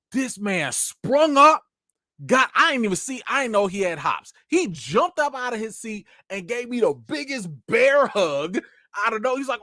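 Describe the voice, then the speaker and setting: A man hosting a casual live chat, telling stories in an animated way and talking to his viewers as "y'all". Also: very high voice, normal speed, dry recording, studio quality. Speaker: channel host.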